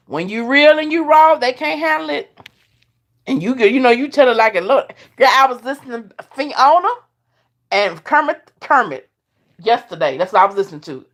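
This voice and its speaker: A woman hosting a casual live chat, talking straight to her viewers and laughing often. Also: a little high. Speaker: live stream host.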